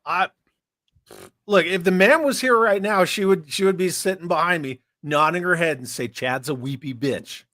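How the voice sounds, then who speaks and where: A man's voice: high voice, normal speed, bright, forceful tone, no room sound, studio quality. A man hosting a casual livestream chat, reading viewer messages aloud, frank and profane. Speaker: host.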